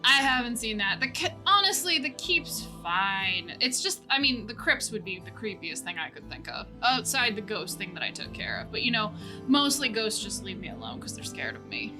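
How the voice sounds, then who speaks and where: A woman's voice: mid-range voice, very animated, moderate pace, close to an everyday voice. A woman voicing a cocky, drunken young male guard who brags and leers. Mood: bragging. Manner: boastful, leering. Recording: faint fantasy music behind.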